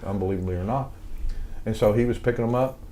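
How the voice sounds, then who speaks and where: A man's voice: lowish voice, quick pace, mellow, a little hiss or hum. An older man with a Southern accent, telling rambling stories in a casual studio interview, full of fillers and restarts. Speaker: guest, wrestling music composer.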